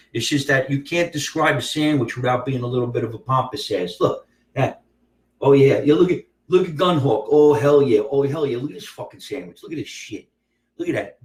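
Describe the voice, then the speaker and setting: A brash male comedian talks in a profane, drawn-out, emphatic way. His voice sits at an ordinary pitch. The room sounds hollow and echoey, and he is some distance from the mic. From US East Coast. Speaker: comedian host of a live show. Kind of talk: casual live-stream chat. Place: room at home. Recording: roomy, from off the mic.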